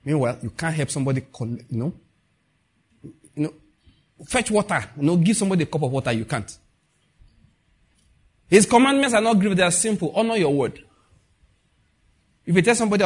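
A middle-aged man with a Nigerian accent preaches a conversational sermon, animatedly acting out quoted dialogue and putting questions to his listeners. His voice is fairly high, a little fast and breathy, with frequent pauses.

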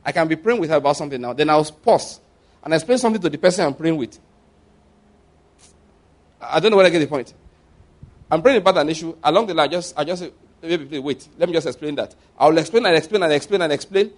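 A man preaching a conversational sermon, repeating phrases for emphasis and swinging between quiet and loud passages. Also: on the high side, animated, fast, pauses often.

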